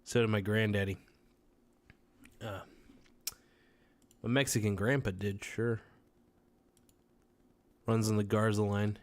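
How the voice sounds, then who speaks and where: Slow-talking man reading chat jokes. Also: fairly low pitch, steady tone. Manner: crude, irreverent joking. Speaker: podcast host reading chat comments. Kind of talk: casual livestream chat.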